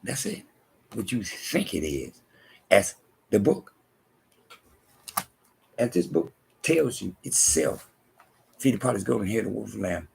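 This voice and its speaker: A man preaching slowly in a very deep, gravelly voice with a heavy husky rasp. He reads scripture and drives home his points by repeating them, sometimes sinking into hushed asides. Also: big pitch swings. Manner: repetitive, emphatic, drops to hushed asides. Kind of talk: preaching monologue.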